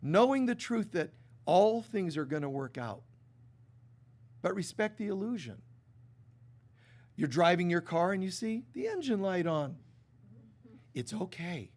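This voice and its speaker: A man's voice: high-pitched, a little slow, long pauses. A man giving a sermon to a live congregation, talking casually and animatedly, acting out little quoted exchanges. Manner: conversational and animated, with many restarts and acted-out quotes. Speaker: spiritual teacher. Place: stage before a live congregation.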